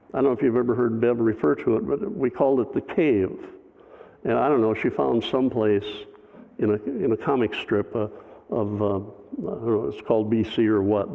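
A man's voice: medium pitch, creaky. A man, a pastor, telling a personal story in a sermon, conversational with wry humor. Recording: phone-like, long hall reverb.

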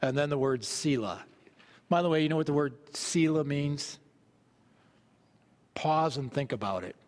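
A man's voice: on the high side, unhurried. Earnest preacher man in a reverberant hall. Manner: earnest, repeats phrases while reading scripture aloud. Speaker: pastor. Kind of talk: sermon.

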